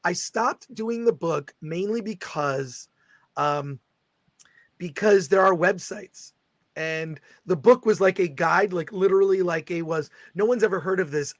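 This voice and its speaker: A middle-aged man hosting a casual livestream chat, excitably reading viewer comments aloud. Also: high-pitched, a little slow, no room sound. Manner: excitable, reads viewer super chats aloud. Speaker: host.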